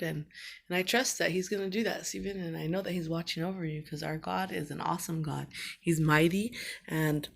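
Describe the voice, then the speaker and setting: A woman's voice: fairly low pitch, steady tone, brisk, creaky. A middle-aged woman recording a personal video message to her absent son, talking in a rambling, heartfelt way with lots of fillers.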